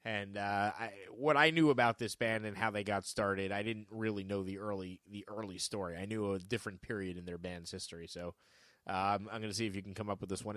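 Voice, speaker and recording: A man's voice: lowish voice, fairly even intonation, a bit bright, no echo. Male trivia podcast host, casual and joking, dry close mic. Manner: joking, rambling, quick asides. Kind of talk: casual chat.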